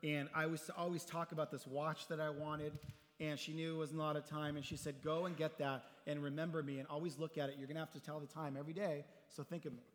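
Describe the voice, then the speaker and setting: A man's voice: a little high, level tone, fast. A middle-aged man preaching as a pastor, telling personal stories in a conversational way and acting out the dialogue with humor. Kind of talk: sermon with storytelling. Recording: long hall reverb.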